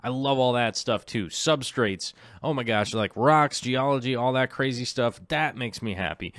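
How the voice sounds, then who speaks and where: A man's voice: medium pitch, normal speed, a bit bright, dry recording. A middle-aged man hosting a live stream, chatting casually and rambling with lots of fillers and jokes. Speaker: livestream host.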